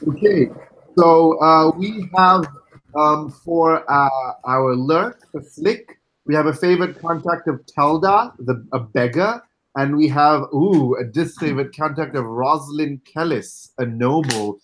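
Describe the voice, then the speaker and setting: A man running a tabletop game as game master, who explains character setup in an unhurried, wry way with many fillers. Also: a little high, a bit bright, poor audio.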